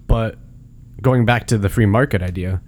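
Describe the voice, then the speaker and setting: Guy with a lowish voice on a podcast, arguing hard, pushy and emphatic. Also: normal speed, a little mellow. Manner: argumentative, emphatic, pitch jumps when making a point. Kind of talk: casual opinion chat.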